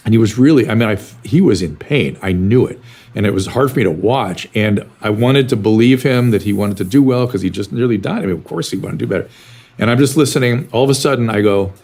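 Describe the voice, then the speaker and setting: An older man with a fairly low voice speaks as a psychiatrist guest in an interview. He answers bluntly and tells his stories with animation, lifting his pitch when he acts out exchanges. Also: a little fast, darkish tone.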